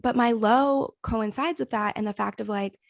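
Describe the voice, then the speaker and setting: A young woman talks openly on a podcast in a heavily gravelly voice, swearing freely and filling her sentences with "like". She sounds close to the mic in a dry room with no echo. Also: a little high, moderate pace. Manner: candid, swears freely, trails off with "like". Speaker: podcast co-host, therapist. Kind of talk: casual podcast chat.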